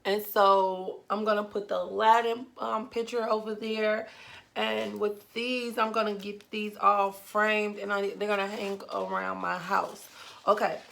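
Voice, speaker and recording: A woman's voice: medium pitch, little pitch movement, a little slow, vocal fry, a bit bright. A woman vlogger, chatting emphatically to her viewers and tagging "okay?" onto her points. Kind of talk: casual unboxing chat to viewers.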